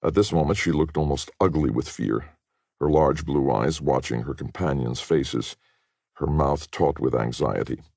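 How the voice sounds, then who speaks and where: Very deep gravelly male narrator. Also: unhurried, darkish tone, no room sound, clean studio sound. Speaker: audiobook narrator. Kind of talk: scripted narration.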